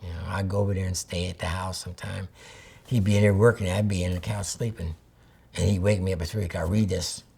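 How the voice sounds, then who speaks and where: Gravelly older man telling stories. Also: sits low, flat delivery, quick pace, warm tone. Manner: rambling storyteller, acts out old conversations. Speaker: photographer interviewee. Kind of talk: reminiscing interview.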